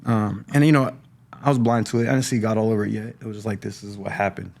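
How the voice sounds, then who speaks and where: Halting, gravelly-voiced man telling his story. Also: on the low side, little pitch movement, a little mellow. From California. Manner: halting, repeats words, restarts often. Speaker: podcast guest sharing recovery story. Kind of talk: personal testimony, casual talk.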